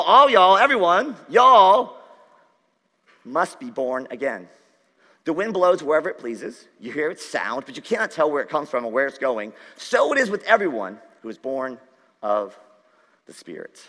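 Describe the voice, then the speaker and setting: A man's voice: a little high, a bit bright. A male pastor giving a conversational, joking sermon to a congregation in a large church hall. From Dutch, Irish, Scottish and Jewish heritage. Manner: conversational, jokey preaching with audience asides. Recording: church hall with long reverb.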